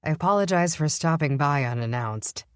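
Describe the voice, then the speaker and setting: A woman's voice: sits low, lively intonation, normal speed, clean tone, dry recording, studio quality. A woman reading an audiobook, voicing a guilty, earnest male vampire police captain who speaks politely and apologetically. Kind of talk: audiobook character voice.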